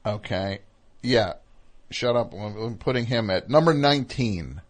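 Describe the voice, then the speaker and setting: A man hosting a call-in radio show, chatting casually with a rambling, animated manner that drifts off quietly at times. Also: lowish voice, normal speed.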